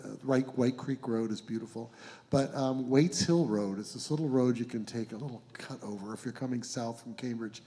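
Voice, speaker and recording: A middle-aged man, a folk musician, telling a gentle, meandering anecdote between songs on a concert stage, chuckling as he goes. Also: mid-range voice. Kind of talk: rambling onstage storytelling. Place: live concert venue stage. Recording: reverberant live hall with instruments.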